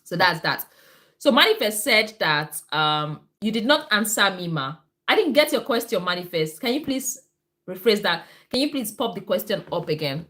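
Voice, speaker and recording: Brief: woman nurse host, casual livestream chat, repeats points, reads comments, mid-pitched voice. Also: sing-song, normal speed, fairly bright tone. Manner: chatty, repeats herself, reads out viewer comments. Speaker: nurse and midwife hosting a live health show.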